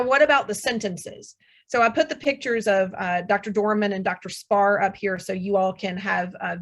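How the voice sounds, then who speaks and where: A middle-aged woman audiologist presents a webinar talk in a room. She explains patiently and reassures her listeners, with frequent ums. Her voice sits at an ordinary pitch. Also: fairly bright tone. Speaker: audiologist lecturer. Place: room with air conditioner hum.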